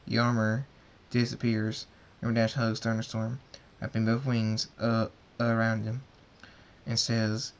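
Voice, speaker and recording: A man's voice: fairly low pitch, completely flat delivery, unhurried. A man reading his fan fiction story aloud, in a plain narration with small restarts. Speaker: story reader.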